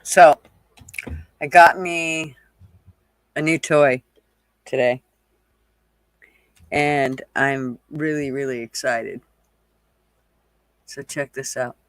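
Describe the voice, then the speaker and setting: A woman's voice: rumbling low, fairly even intonation, drawn-out words, long pauses, no room sound, studio quality. A woman from the American South hosting a casual livestream chat, blunt, profane and teasing with her viewers. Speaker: livestream host.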